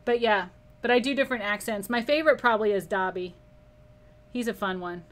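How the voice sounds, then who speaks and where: A woman's voice: medium pitch, brisk, fairly bright tone. A woman teaching a live painting class, chatting casually and reading viewer comments aloud with frequent laughter. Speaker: art instructor. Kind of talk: live painting lesson with chat.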